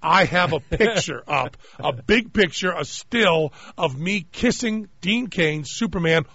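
A male radio host tells a story with gusto, slightly higher-pitched than most men, slipping into little voices for the people in his tale. The sound is dry and close, with a somewhat muffled studio tone. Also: a little slow, gravelly, husky, no echo. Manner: animated anecdote-teller, mimics voices in retold dialogue. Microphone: studio microphone.

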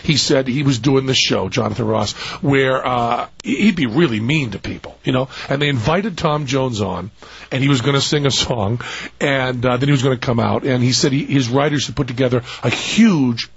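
An older man, a stage entertainer, telling an anecdote in a casual chat with lively laughs. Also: mid-range voice, creaky, husky. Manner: animated storyteller, laughs often. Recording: dull lo-fi audio.

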